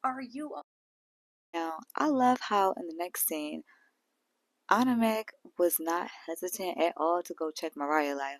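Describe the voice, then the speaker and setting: A woman's voice: on the low side, lively intonation, unhurried, no echo. A woman hosting a reality show recap, talking in a sassy, blunt way full of slang. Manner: sassy and blunt, heavy on slang like "girl" and "sis". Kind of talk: casual recap commentary.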